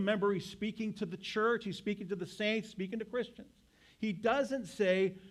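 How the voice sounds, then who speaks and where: A man's voice: high-pitched, normal speed. A male pastor preaching a sermon to his congregation, emphatic and full of rhetorical questions.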